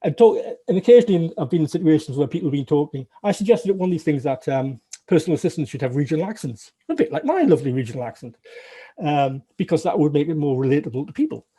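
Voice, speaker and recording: A man's voice: fairly high pitch, very animated, fast talker, dark tone, slightly rough. A middle-aged man with a Northern English accent, chatting in an interview with wry, self-deprecating humour and many restarts. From Northern England. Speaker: guest, former games programmer. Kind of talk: casual interview recollection.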